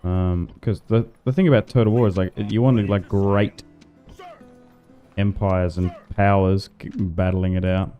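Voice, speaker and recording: Laid-back Australian man, smooth low voice. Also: steady tone, a little slow, narrow, tinny audio, faint music behind. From Tasmania, Australia. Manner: rambling, chatty, greets and answers chat, many "like" fillers. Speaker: gaming livestreamer. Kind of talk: casual livestream commentary while playing.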